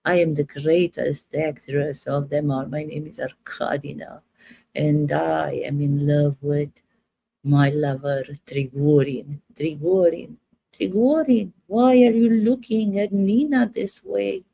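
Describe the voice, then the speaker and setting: A woman's voice: low voice, slow, gravelly, mellow, no room sound, pitched below the performer's own voice, heavily acted. A woman voicing a vain, grand female stage actress in a mock Russian accent, speaking pompously and theatrically. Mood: grandiose.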